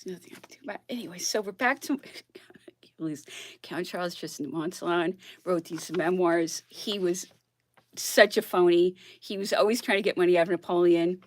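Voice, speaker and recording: A woman's voice: fairly low pitch, fairly even intonation, a little fast, darkish tone, a little hiss or hum. A woman blogger on a casual, worked-up rant who keeps asking "okay?" and laughs between her points.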